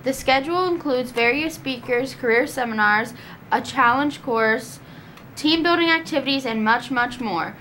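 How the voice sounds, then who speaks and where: A woman reading school announcements in a steady, informative way. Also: sits high, normal speed, a little hiss or hum.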